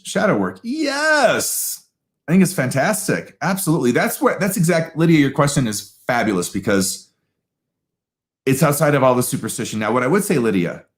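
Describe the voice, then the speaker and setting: A man hosting a live astrology talk, answering audience questions in an animated, emphatic way with quick asides. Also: medium pitch.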